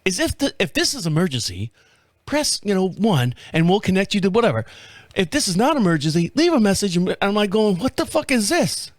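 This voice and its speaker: A middle-aged man hosting his own show, telling a story in a casual, profane, animated way and laughing at himself. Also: high-pitched, a little fast, no room sound, studio quality. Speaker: podcast host. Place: home studio.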